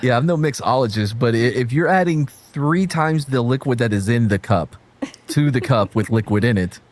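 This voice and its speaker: A man's voice: medium pitch, lively intonation, normal speed. This man hosts a loose podcast chat, tripping over his words and swearing as he goes. He reads out chat donations to the group in an offhand way. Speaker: host.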